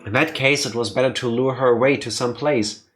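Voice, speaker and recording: A man's voice: medium pitch, fairly even intonation, brisk, a bit bright, soft background music. A man hosting a let's play, reading a visual novel aloud with playful, joking asides.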